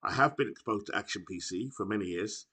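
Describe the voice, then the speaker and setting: A man's voice: fairly low pitch, fast talker, sharp tone, husky. A British man chatting casually to his viewers about a baseball video game, rambling and often correcting himself, recorded on a laptop microphone. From United Kingdom. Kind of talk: casual chat to camera.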